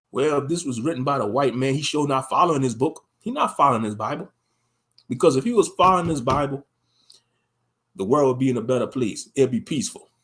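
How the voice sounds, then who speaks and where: A man's voice: on the high side, fairly bright tone. A man giving impassioned, scolding religious commentary, mocking the people he criticizes. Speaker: online commentator.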